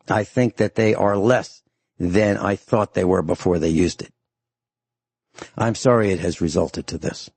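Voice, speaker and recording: A deep, gravelly man delivers a stern radio talk show monologue. His voice is husky and close in a dry studio sound, and he hammers his points by repeating them. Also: darkish tone, dry recording.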